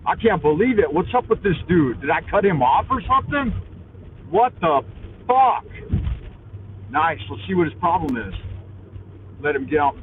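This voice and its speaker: High-voiced guy cussing out traffic from his minivan, all wired on coffee, tinny phone-like sound with a bit of car hum. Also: very animated, normal speed, long pauses. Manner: loud, crude, cursing, combative with other drivers. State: highly caffeinated. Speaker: vlogger, live-stream host. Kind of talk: profane driving rant on a live stream. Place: in a minivan while driving. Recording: tinny, phone-like with faint vehicle noise.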